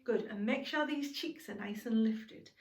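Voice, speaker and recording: A woman teaching a singing lesson to young children, encouraging and speaking slowly and clearly. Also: on the high side. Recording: roomy sound from a distance, music behind.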